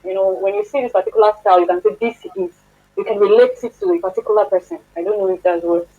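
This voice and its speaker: Fast, hesitant woman on a dull call line. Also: mid-range voice, husky, soft background music. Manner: tentative, thinking aloud. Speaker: workshop participant.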